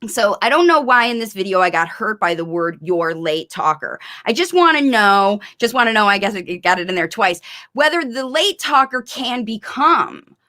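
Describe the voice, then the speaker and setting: A middle-aged woman, a speech therapist hosting a live coaching stream, talking quickly and emphatically to parents. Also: fairly high pitch, animated, bright, forceful tone. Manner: fast, emphatic, encouraging. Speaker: speech-language pathologist host.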